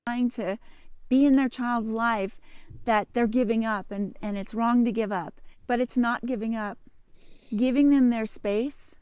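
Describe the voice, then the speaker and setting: A woman's voice: a little high, steady tone, unhurried, darkish tone, clean tone, no room sound. A woman giving earnest, insistent advice in a video being watched. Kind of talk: advice talk.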